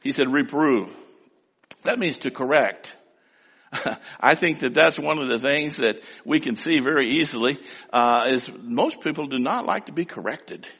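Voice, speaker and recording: A man preaching a sermon, emphatic, swinging between loud, drawn-out declaiming and quiet asides. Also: medium pitch, slightly rough. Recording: long hall reverb.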